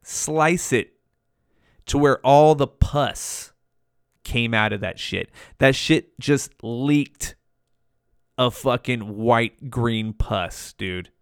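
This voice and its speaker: A man's voice: medium pitch, drawn-out words, clear, resonant tone, no echo. Laid-back man, forties, swears freely; clean dry recording. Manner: laid-back, heavy swearing, keeps saying dude. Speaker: storyteller. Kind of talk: casual storytelling to camera.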